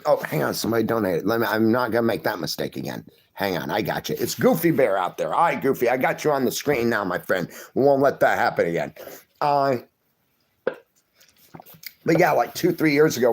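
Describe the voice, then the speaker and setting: A middle-aged man hosting a livestream, reading viewer comments and greeting each person by name in a casual, friendly chat. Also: medium pitch. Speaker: livestream host.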